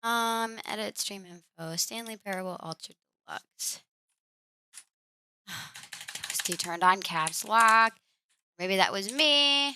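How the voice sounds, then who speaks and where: Bright-voiced woman streamer chatting. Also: mid-range voice, clean tone. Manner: chatty, scolds and coos at her cat. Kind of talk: casual live-stream chat. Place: home room.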